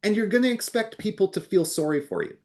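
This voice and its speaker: On a casual real estate podcast, a male co-host speaks bluntly and with strong emphasis, clearly impatient with buyers who hesitate. His voice is high, expressive, quick, and slightly mellow.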